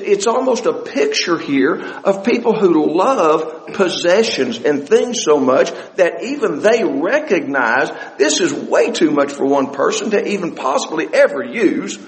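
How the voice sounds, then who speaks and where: A man preaching a sermon as pastor of a church, animated and repeating words, slowing down to stress a point. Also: sits high, big-room sound, poor audio.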